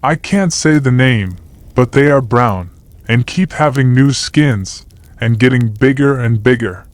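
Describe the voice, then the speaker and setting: An earnest little boy tells his story eagerly, as a man reads him aloud. The voice sits at a middling pitch, unhurried and sincere, recorded dry and close. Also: no room sound, lightly acted. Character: earnest small boy telling about insects. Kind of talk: audiobook character voice.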